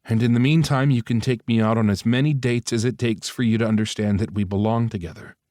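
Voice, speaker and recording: A man's voice: mid-range voice, steady tone, quick pace, warm tone, dry recording, studio quality, close to an everyday voice. A man voicing a confident, playful grown man who teases his partner, in an audiobook reading. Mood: teasing. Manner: teasing, playful, assured.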